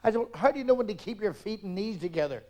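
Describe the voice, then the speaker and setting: A middle-aged man telling rapid-fire jokes on stage, loud and brash, acting out characters. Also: high voice, animated. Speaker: stand-up comedian. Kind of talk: live stand-up joke telling. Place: theatre stage, audience laughter.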